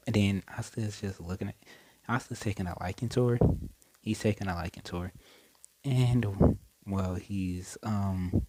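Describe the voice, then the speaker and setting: A man's voice: deep voice, a little slow, darkish tone, poor audio. A young man casually retelling a story, rambling with lots of fillers and self-corrections. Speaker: storyteller retelling a fan scenario.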